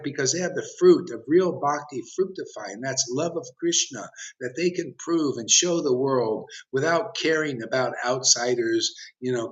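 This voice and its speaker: Bright-voiced man preaching provocatively. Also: medium pitch. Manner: provocative, challenging listeners directly. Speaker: spiritual teacher. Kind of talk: impassioned sermon. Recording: dull lo-fi recording.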